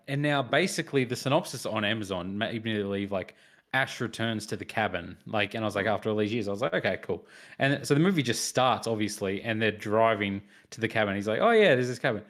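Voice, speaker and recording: A man's voice: fairly low pitch, a little fast, a bit bright. A man co-hosting a film review podcast, chatting casually and acting out his own reactions as he tells the story. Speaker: podcast co-host reviewing films. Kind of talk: casual chat.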